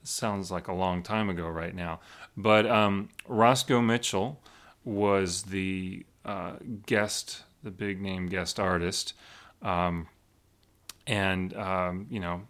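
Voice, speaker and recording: A man who plays flute, co-hosting a casual chat, talking in a halting, rambling way as he searches for words. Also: low voice, steady tone, fairly bright tone. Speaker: flutist and podcast co-host.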